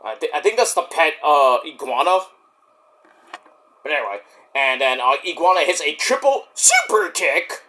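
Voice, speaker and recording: A man giving a casual solo wrestling review, excitable and swearing freely. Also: a little high, normal speed.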